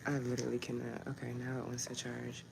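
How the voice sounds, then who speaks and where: A woman with a low voice chats casually with her livestream viewers, talking straight to them in a loose, frustrated way. Steady background noise and small clicks sit under her voice throughout the home recording. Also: fast, vocal fry. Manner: chatty and frustrated, addressing viewers directly. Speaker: livestream host. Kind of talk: casual live chat with viewers.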